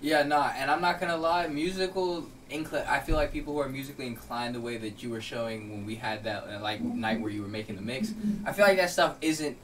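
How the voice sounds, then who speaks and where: A man's voice: mid-range voice, brisk, a bit bright, recorded from a distance, slight background noise, low-quality recording. A young man in casual podcast chat, speaking earnestly and searching for his words.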